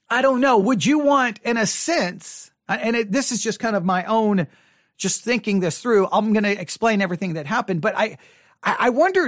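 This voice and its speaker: A man's voice: very high-pitched, a bit bright, no echo. A man, a pastor, talking earnestly to the camera from a studio and thinking aloud with many restarts. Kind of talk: reflective monologue to camera.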